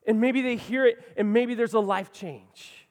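A man preaching a sermon as pastor, swinging between loud passionate lines and quiet ones. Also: very high-pitched, unhurried, big-room sound.

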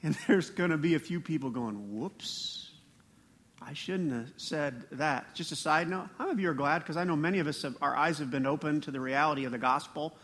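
A man preaching a sermon as pastor, animated, with laughing asides and rising emphasis. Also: a little high, fast, hardly any pauses.

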